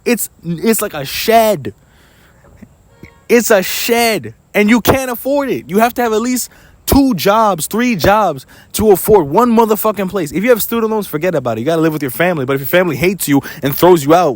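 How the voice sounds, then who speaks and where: Angry young man with a high voice, ranting. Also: dry recording. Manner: angry, profane, rapid-fire complaining; mocks others in put-on quoting voices. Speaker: vlogger. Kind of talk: ranting monologue.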